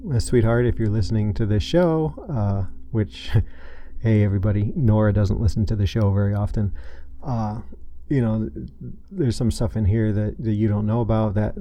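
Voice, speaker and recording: A man hosting his own podcast, telling a painful personal story in a halting way, full of restarts and fillers. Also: on the low side, lo-fi sound. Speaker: podcast host. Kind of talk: personal confessional monologue.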